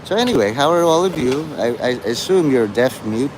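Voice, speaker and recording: A man livestreaming outdoors, chatting to his viewers in a rambling, provocative way with deadpan dark jokes. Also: mid-range voice, brisk. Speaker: livestreamer talking to chat. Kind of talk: rambling live-stream chat. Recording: street noise in the background.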